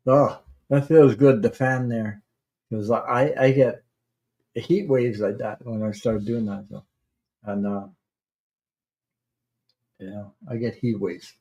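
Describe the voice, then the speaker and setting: A man hosting a tarot livestream, chatting casually and rambling, with halting restarts while he greets viewers. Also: mid-range voice, fairly even intonation, warm tone. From Canada.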